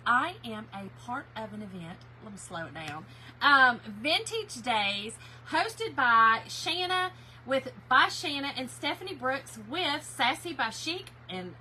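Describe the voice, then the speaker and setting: A woman's voice: high-pitched, pushed and bright, slight background noise. A woman hosting a casual craft livestream, chatting and greeting viewers by name.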